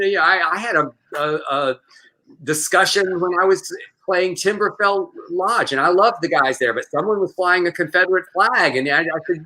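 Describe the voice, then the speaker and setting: A man's voice: high-pitched, normal speed, bright, forceful tone, rough recording. A man from Texas, co-hosting a casual chat, heated and profane with lots of stammered restarts. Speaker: co-host.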